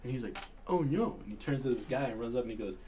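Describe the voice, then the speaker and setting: Laughing, lively man in casual chat. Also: mid-range voice, fast talker, a little hiss or hum. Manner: laughs often, tells jokes with lively voices.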